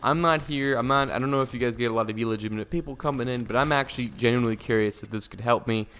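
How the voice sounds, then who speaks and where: Fast-talking laid-back young man. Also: medium pitch, a bit bright, a little hiss or hum. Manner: rambling, fast, laid-back with repeated fillers. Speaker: vlogger. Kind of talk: casual storytelling to camera.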